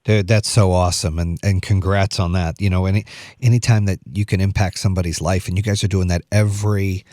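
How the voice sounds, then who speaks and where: A man's voice: low voice, steady tone, fairly quick, a little mellow, dry recording, studio quality. A middle-aged man hosting an interview, enthusiastic and bro-ish, often saying "dude.". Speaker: podcast host. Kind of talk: casual interview chat.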